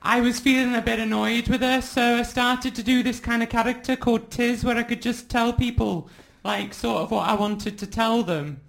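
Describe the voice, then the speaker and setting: A man's voice: very high-pitched, fairly even intonation, normal speed, creaky, few pauses, a bit bright. A man from the English Midlands co-hosting a live radio show, chatty and a little hesitant, chuckling as he goes. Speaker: radio co-host. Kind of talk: playful live radio banter. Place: radio studio.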